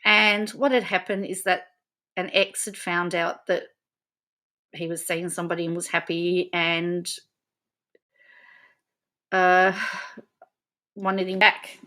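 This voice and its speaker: A woman's voice: on the low side, level tone, slow pace, pauses often, pushed and bright. Emotional woman chatting on a live stream. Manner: emotional, laughing, repeats herself. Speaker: vlogger. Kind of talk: casual live-stream chat.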